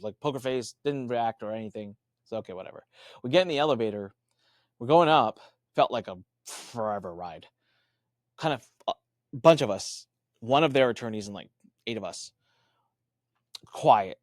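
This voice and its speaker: A man's voice: dry recording, clean studio sound. A man as a podcast guest, telling a story with lots of fillers and restarts, acting out the other people's voices. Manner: animated, acts out quoted voices with big pitch jumps. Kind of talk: storytelling in an interview.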